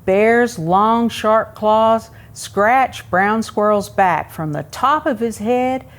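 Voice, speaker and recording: A woman reading a picture book aloud to young children at a museum story time, pausing to ask them questions. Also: on the high side. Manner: asks young listeners questions, expressive.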